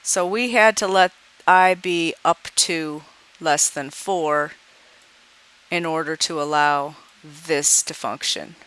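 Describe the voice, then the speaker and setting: A woman's voice: sits low, slow, a bit bright, clean tone. A woman walking through a coding example in a screencast tutorial, thinking aloud as she debugs and reads out dialog lines. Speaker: programming teacher.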